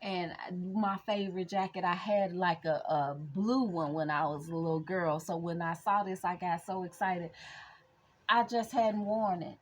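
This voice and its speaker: A woman in her fifties who is a spiritual reader chatting casually to her viewers, rambling and calling them "y'all," and who slows down when she reads affirmations. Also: on the low side. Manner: slow reflective affirmations. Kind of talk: casual spiritual chat vlog.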